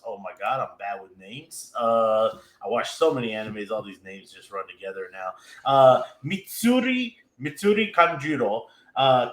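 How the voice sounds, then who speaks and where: Male podcast host, casual, excitable, fills with "man" and "uh"; bright, tense voice, echoey room. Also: mid-range voice. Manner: excitable, laughs often, many fillers. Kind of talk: casual anime recap chat.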